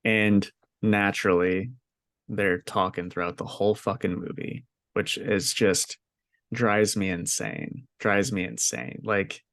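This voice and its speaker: Young man, podcast co-host, casual chat, swears a lot, slightly low voice. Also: slow, vocal fry, fairly bright tone. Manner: profane, exasperated storytelling.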